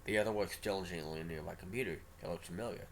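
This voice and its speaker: A man's voice: sits low, very fast, vocal fry, a little hiss or hum. A male streamer reading a story game aloud, with casual, offhand asides. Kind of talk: reading a visual novel aloud.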